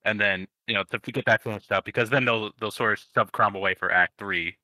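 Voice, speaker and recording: A man in casual podcast talk, halting and restarting as he works through a thoughtful take. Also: on the low side, fairly even intonation, sharp tone, no echo, low-quality recording. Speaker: podcast co-host. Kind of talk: casual chat.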